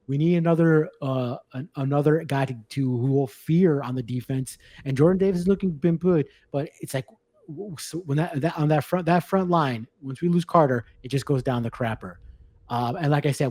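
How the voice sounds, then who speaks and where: A man's voice: a little high, a little fast, a little mellow, no echo. A man co-hosting a sports podcast in casual chat, rambling and blunt, with lots of restarts. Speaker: podcast co-host.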